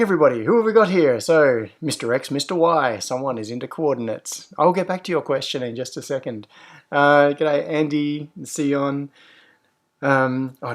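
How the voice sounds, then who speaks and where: A man hosting a casual livestream, greeting viewers cheerfully and then explaining technical questions in a rambling way. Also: a little high. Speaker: host.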